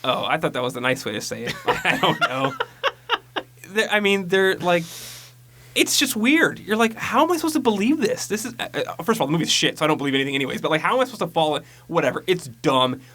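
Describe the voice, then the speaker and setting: Podcast co-host, male, slightly high voice; rambling, crude, mocking movie recap. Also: animated, fast talker, sharp tone. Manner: rambling, profane, mocking retelling with mimicked quotes. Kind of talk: casual movie recap chat.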